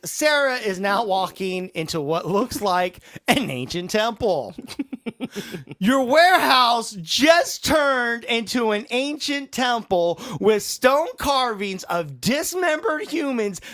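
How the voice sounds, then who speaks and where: Sarcastic podcast co-host, mid-pitched voice. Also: a bit bright, no room sound. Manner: sarcastic, scolds the characters in mock lectures. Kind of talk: casual movie recap chat.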